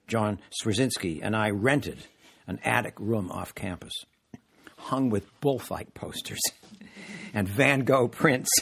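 Husky older man reading aloud. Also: lowish voice. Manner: measured, deliberate reading with occasional hesitations. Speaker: author reading his memoir. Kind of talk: live reading to an audience. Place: room with a live audience.

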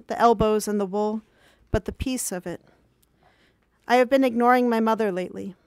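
Smooth, higher-pitched woman reading her journal. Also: no echo, clean studio sound. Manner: calm, measured and reflective. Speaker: reader of her own journal. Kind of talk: literary reading of diary entries.

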